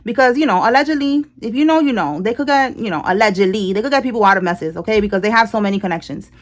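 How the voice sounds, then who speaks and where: A woman's voice: mid-range voice, animated, fast talker, highs cut off. A woman giving a casual tarot reading to her viewers, talking bluntly and emphatically, swearing freely and checking in with "all right?". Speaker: tarot reader. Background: people talking in the house.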